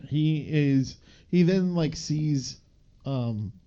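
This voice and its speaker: A man's voice: on the high side, very slow, lo-fi sound. A man co-hosting a podcast, casually joking as he recaps a movie. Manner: joking, animated retelling. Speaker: podcast co-host.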